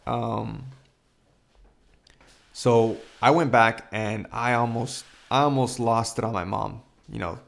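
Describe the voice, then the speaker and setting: A young man hosting a podcast, retelling a painful family story in a halting way, full of fillers and quoted dialogue. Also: medium pitch, gravelly. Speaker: podcast host. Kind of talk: personal storytelling.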